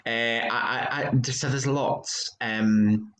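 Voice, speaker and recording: A British man, a theatre actor, chatting casually and telling backstage stories with lively, acted-out quotes. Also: slow, slight background noise. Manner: animated storyteller, acts out quotes with big pitch jumps. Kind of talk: casual chat.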